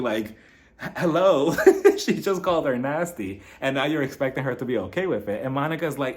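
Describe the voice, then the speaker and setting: A man's voice: fairly high pitch, expressive, fairly quick. A man recapping a reality TV episode in a casual, sassy way, laughing and talking straight to the people on the show. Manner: sassy, laughing asides, talks straight to the cast.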